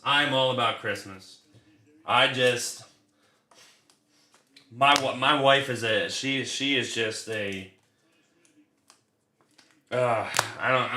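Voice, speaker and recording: A man's voice: medium pitch, bright, forceful tone, slight background noise. A man hosting a card break, chatting casually and swearing freely while he calls out the cards he pulls. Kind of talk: casual livestream chat while opening cards. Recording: roomy echo.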